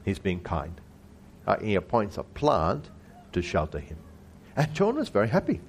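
A man giving an expository Bible teaching who keeps asking his listeners rhetorical questions and slows down to stress key words. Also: fairly low pitch, huge pitch swings, a little hiss or hum.

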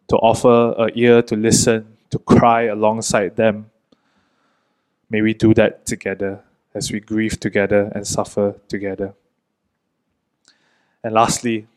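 A man preaching a sermon in an earnest, gentle way, pausing often between short phrases. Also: on the low side, poor audio.

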